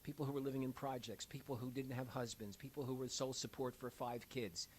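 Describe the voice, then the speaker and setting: Older man, end-of-life doula, animated storyteller who mimics the people he quotes; medium pitch, slight hiss on the recording. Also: quick pace, rough recording. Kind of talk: conversational storytelling. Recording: faint hiss.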